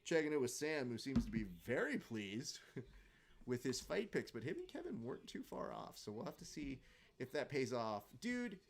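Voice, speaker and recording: A man's voice: mid-range voice, sing-song, normal speed, creaky, a little hiss or hum. A man hosting a live fight watch-along stream, chatting casually, joking and reading out viewer comments.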